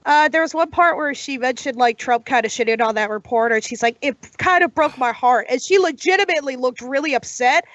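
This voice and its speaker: A woman's voice: high-pitched, fairly bright tone, no echo, muffled recording. A woman co-hosting a podcast, talking in exasperated casual chat, swearing and stumbling through fillers. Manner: exasperated, profane, halting with fillers. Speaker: podcast co-host.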